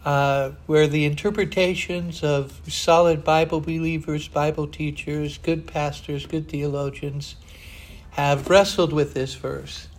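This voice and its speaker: Older man, sermon, earnest and digressive, fairly high voice. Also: flat delivery, a little slow. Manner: earnest, digressive, frequent "uh" fillers. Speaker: preacher.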